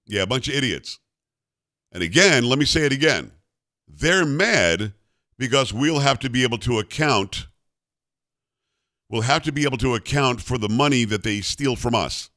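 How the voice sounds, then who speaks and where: A man's voice: mid-range voice, animated, normal speed, long pauses, sharp tone, no echo, clean studio sound. A man hosting a political talk radio show, delivering a blunt, combative monologue with a mocking edge and his own ad reads.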